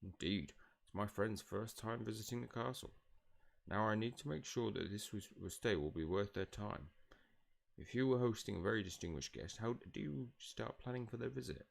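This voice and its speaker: A man voicing a cheerful, excitable male ghost friar in an eager, bubbly way, reading game dialogue aloud. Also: fairly low pitch, moderate pace, vocal fry. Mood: excited.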